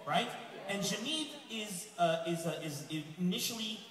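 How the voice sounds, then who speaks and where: A man from Lebanon, doing a rambling, animated live stand-up set in a large hall. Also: high voice, unhurried. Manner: rambling, animated, with frequent restarts. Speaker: stand-up comedian. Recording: echoey hall, distant mic, loud crowd.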